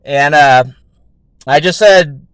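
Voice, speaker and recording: A man's voice: fairly high pitch, takes it slowly, a bit bright, smooth, no room sound. Rambling, foul-mouthed male host. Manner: rambling, heavy swearing, lots of fillers. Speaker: show host. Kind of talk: casual storytelling monologue.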